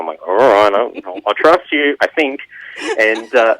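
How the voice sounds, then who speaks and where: A man with an Australian accent, chatting casually in an interview as a band's bass player, rambling and self-mocking as he acts out studio exchanges. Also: expressive, fairly quick, a bit bright, no room sound, rough recording. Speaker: band bass player, guest.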